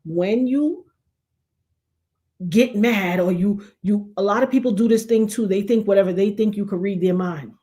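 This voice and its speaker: A middle-aged woman hosting a live talk show, giving emphatic, folksy relationship advice to her chat and now and then dropping to a near hush. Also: medium pitch, normal speed. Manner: emphatic, preachy, folksy, drops to a hush for effect. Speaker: livestream talk show host.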